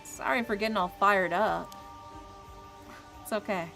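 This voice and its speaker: A woman's voice: medium pitch, unhurried, vocal fry, sharp tone, faint music behind, low-quality recording. A woman voicing a caring, encouraging young woman in a game.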